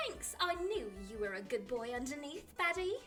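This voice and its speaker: A high, lively, unhurried young shopkeeper girl with a put-on British accent, as a woman voices her, all coy teasing sales talk. Her tone is bright and ringing. Faint music plays underneath. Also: full character voice.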